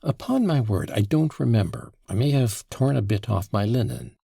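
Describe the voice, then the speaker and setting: Guy doing an upset young ex-soldier getting grilled, defensive, snaps up high, gravelly audiobook voice, dry close sound. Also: very animated, normal speed, dry recording, heavily acted. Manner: defensive, flaring into loud outbursts. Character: agitated young ex-soldier under interrogation, defiant.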